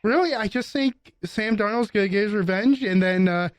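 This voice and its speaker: A man co-hosting a radio sports show, talking casually and quickly with halting restarts. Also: high voice, smooth, no echo, clean studio sound. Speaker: radio co-host. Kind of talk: casual chat. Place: radio studio.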